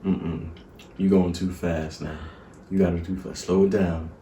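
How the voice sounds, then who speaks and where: A man casually telling a birth story with his partner, acting out quotes in an animated way. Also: deep voice, measured pace, a little hiss or hum. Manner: animated, acts out quotes with laughs. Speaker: vlog co-host, new father. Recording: echoey room, mic at a distance.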